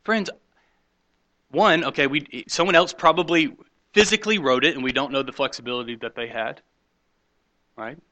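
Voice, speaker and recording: A man preaching a sermon, swinging between loud emphatic points and quiet hushed asides, mocking skeptics in quoted voices. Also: medium pitch, normal speed, long pauses. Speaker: pastor.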